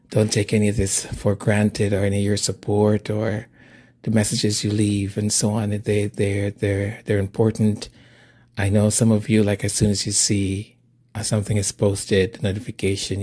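A man's voice: lowish voice, darkish tone, slightly rough. A man hosting his channel, chatting casually with viewers, hesitant and repeating himself, laughing often. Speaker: channel host.

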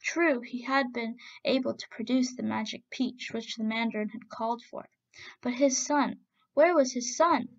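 A woman narrating a folk tale in a steady, expressive reading voice. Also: a little high, moderate pace, vocal fry, highs cut off. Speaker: storyteller. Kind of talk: storybook narration.

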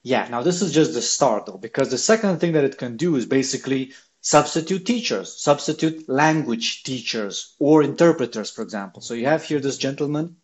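A man hosting a tech video, talking casually and excitedly to viewers. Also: mid-range voice, brisk, few pauses. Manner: excited, emphatic.

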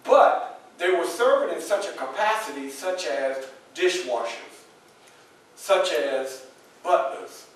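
A man's voice: fairly high pitch, slow pace. An actor playing a dignified 19th-century abolitionist, telling his story straight to a live audience. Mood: earnest. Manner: addresses the audience directly, animated storytelling. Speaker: historical reenactor. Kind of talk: first-person historical portrayal for a live audience. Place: library event room. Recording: echoey room from far off.

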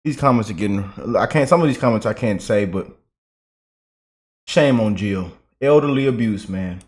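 A man's voice: on the low side, lively intonation, moderate pace. A man giving casual political reaction commentary, chatty and loose, laughing often and repeating himself.

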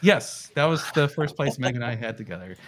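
A man telling a story in a casual live show chat, swearing freely and acting out quotes in a high voice. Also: animated, a little fast, a bit bright, slight background noise.

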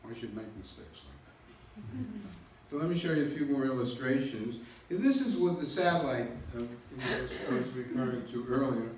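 A man's voice: mid-range voice, very animated, normal speed, darkish tone. A man gives a public lecture, explaining slides with self-deprecating jokes. His voice carries a heavy hall echo and sounds like it was caught from a distance. A faint hiss sits underneath it. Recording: echoey hall recording from far off.

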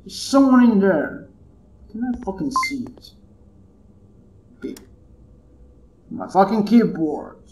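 A man's voice: high-pitched, big pitch swings, slow, long pauses, reverberant, noisy background. A man commentating his own horror gameplay, jumpy and muttering curses to himself. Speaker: gamer playing a horror game.

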